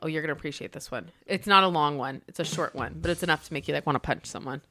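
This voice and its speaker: A woman's voice: deep voice, racing. A woman co-hosting a podcast, telling a hotel front-desk story and acting out the dialogue. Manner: animated, acts out dialogue in her stories. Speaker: podcast co-host, hotel manager. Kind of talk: casual storytelling chat.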